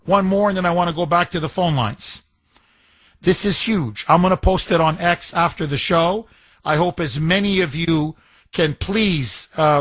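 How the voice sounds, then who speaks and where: A man's voice: high voice, a bit bright, dry recording. A male radio talk show host giving an indignant, emphatic monologue full of rhetorical questions, into a studio microphone.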